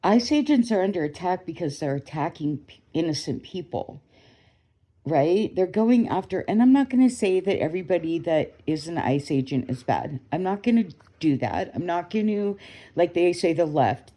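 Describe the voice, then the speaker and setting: Lady venting at home into her phone, rambling and fed up, low mellow voice. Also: lively intonation, moderate pace. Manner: indignant, rambling, swearing. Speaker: vlogger. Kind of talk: casual ranting commentary to a phone.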